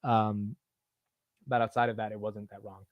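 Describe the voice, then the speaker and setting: A man's voice: lowish voice, level tone, normal speed, no echo, highs cut off. Chatty man hosting a market livestream. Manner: loose and chatty, says "dude" a lot, jokes at his own expense. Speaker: livestream market show host. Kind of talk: casual live-stream chat.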